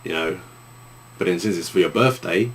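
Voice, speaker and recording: Young East London man, deep voice, loose rambling vlog Q and A delivery. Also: normal speed, a little hiss or hum. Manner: rambling, with many restarts and fillers. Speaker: YouTuber answering viewer questions. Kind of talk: casual Q and A vlog.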